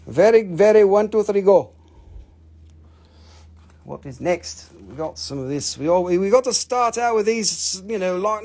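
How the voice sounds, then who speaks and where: A man with an Appalachian accent hosts a live mineral sale in loose, rambling, folksy patter, cracking jokes and letting out hoots. His voice sits a little high for a man. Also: a little mellow. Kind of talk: casual live-stream sales patter.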